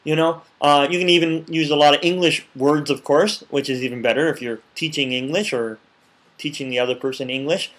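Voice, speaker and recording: Guy vlogging teaching tips, kinda high voice, lots of restarts, does little voices for both sides. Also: brisk. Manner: animated, acts out little dialogues with playful voices; repeats words and restarts often. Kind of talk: casual advice vlog.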